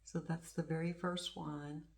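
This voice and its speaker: Chatty woman with a low voice. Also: flat delivery, a little slow, creaky, darkish tone. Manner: chatty and rambling, gushing over small things. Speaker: craft channel host. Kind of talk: casual show-and-tell chat.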